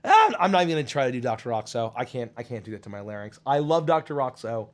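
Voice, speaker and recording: A voice actor and show host rambles casually through viewer questions on a livestream, reading the chat as he goes. His medium-pitched voice is very animated and he talks fast.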